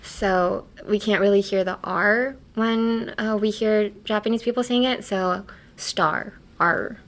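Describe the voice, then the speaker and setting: A woman's voice: mid-range voice, steady tone, unhurried. A woman hosting a podcast, teaching English pronunciation in a casual, playful way and laughing often. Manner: playful, laughs often, explains with silly examples.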